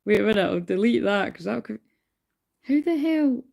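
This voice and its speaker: Scottish woman, tarot reader on a live stream, talking from bed, tired and rambling, curses freely, gravelly fry in the voice. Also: a little high, expressive, normal speed, a little mellow. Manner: chatty, rambling, swears casually. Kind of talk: casual live stream chat. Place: in bed at home.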